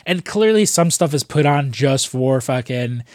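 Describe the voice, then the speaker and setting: Medium-pitched and expressive, this man talks a little slowly in a dry, studio-quality recording. As a young co-host on a casual podcast, he tells profane, meandering, jokey stories, putting on voices when quoting people.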